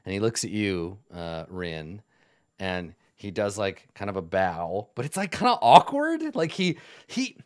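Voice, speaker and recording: A man's voice: fairly low pitch, sing-song, measured pace, no echo, clean studio sound. A man narrating as game master in a casual, rambling way full of fillers.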